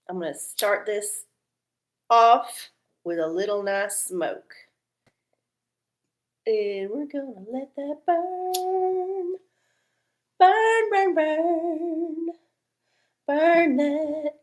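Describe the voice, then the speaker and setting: A woman hosting a casual live stream, chatty and folksy, swearing freely as she reads oracles. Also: mid-range voice. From Texas.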